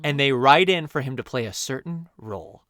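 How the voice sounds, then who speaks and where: A man's voice: medium pitch, brisk, dry recording, clean studio sound. A man co-hosting a podcast, chatting casually about films and packing in trivia with lots of chuckles. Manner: animated, trivia-loaded, chuckles often. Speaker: podcast co-host. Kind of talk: casual movie chat.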